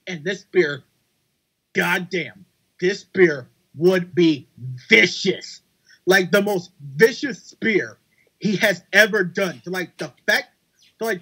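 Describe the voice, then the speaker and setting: A man on a casual podcast, talking with enthusiasm and dropping into a low voice for quotes. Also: pushed and bright, breathy edge. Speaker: podcast panelist.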